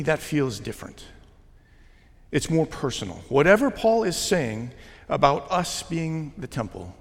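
A man preaching a sermon as pastor, talking in a conversational way with gentle jokes. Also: medium pitch, creaky. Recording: long hall reverb.

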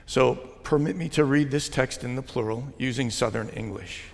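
Pastor, male, mid-pitched and gravelly; casual, joking sermon delivery, reverberant sanctuary. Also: normal speed. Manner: conversational, gently joking preaching. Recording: long hall reverb.

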